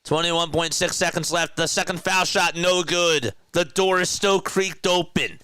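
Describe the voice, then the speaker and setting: A man with a South Jersey accent calling a basketball game as a casual live-stream play-by-play commentator, chatty and quick to correct himself. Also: on the high side, sharp tone, smooth. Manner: chatty, laughs easily, corrects himself mid-call.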